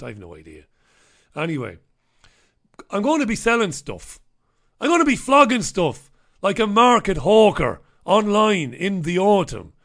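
Middle-aged male radio host, slightly raised pitch, loose joking chatter between listener shout-outs. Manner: irreverent, rambling, jokey banter. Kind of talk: casual live show chat, reading out listener messages.

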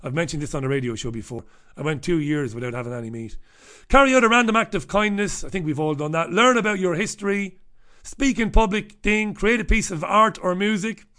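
Briskly and in a sharp, high voice, a middle-aged Irish radio host delivers a casual comic monologue. He rambles through a checklist, his humor irreverent and profane, swearing without restraint.

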